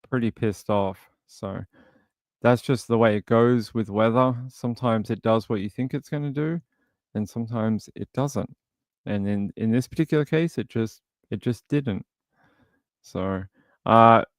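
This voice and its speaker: Chatting as he scrolls through material, this livestream host thinks aloud in a casual way. His voice is fairly low in pitch, and there is no room sound.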